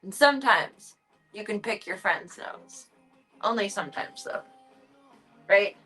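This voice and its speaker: A woman streams casually from her home, talking in a playful, cooing baby voice to her cats. Her pitch sits in an ordinary middle range. Faint music plays softly underneath. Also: expressive, unhurried, poor audio. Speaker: livestreamer. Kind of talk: casual livestream chat.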